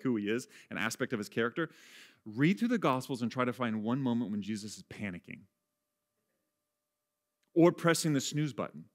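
A man preaching a sermon as pastor, conversational and self-deprecating, often laughing at himself, and swinging from quiet, hushed lines to loud, raised ones. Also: mid-range voice.

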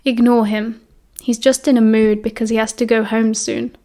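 A woman reading aloud plays an easygoing teenage schoolboy with a British accent, breezy and sure of himself. He talks in a relaxed, reassuring way, a bit louder than the narration. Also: a little high, moderate pace, lightly acted. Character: cheerful confident teenage schoolboy wizard, easygoing.

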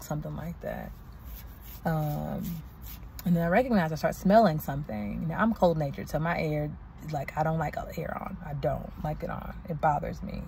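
A woman's voice: low-pitched, gravelly, mellow, a little hiss or hum. A young woman vlogging and telling a story in a casual, exasperated way, venting with slang. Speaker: doctoral student vlogger.

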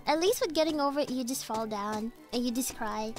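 Faint game music plays while a young-sounding woman with a high, fairly quick voice chats casually on her gaming stream. Her talk is playful and rambling, hopping between topics, with bursts of frustration.

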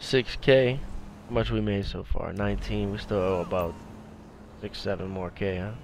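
Gravelly low-voiced man narrating gameplay. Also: steady tone, normal speed, a little hiss or hum. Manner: slangy, laid-back street talk. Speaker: gameplay commentator. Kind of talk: casual gameplay commentary.

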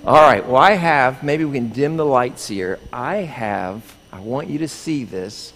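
A man's voice: medium pitch, unhurried. A middle-aged man, a pastor, telling a playful children's story in a church sanctuary and acting out screams as he goes. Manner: animated, playful storyteller who acts out screams. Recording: echoey hall with faint room noise.

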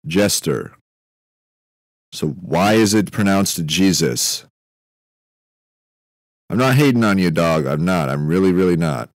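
A young man hosting a podcast, rambling through a comedic monologue in a meandering, deadpan way, often stopping himself mid-thought. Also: sits low, slow, long pauses, dry recording, studio quality. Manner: meandering, self-interrupting, deadpan musing with frequent fillers. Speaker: podcast host.

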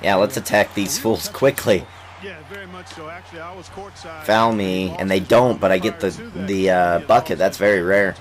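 Talking over a basketball video game, a young man with a lowish voice delivers relaxed, excitable let's-play commentary as a gaming YouTuber. He's a bit slow and leaves long pauses, coughing now and then while he gets over an illness and heckling the players on screen.

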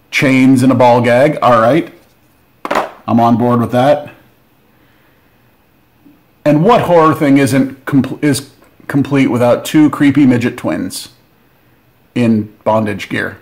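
Excitable man unboxing a board game. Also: mid-range voice. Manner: excitable, joking asides. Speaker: board game channel host. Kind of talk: casual unboxing commentary.

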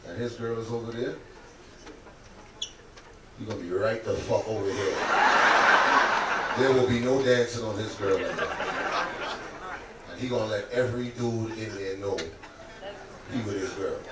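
A man doing a stand-up comedy set at an event on a cruise ship, animated and profane, mimicking Caribbean characters. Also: on the low side, normal speed, long pauses. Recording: distant live mic with loud crowd noise and echo. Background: laughing audience.

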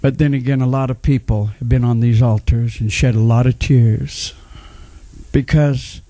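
A middle-aged pastor preaches a sermon, emphatically sharing his personal testimony and calling on the congregation to respond. His voice is medium-pitched, steady, and mellow at a normal speed, with no room sound.

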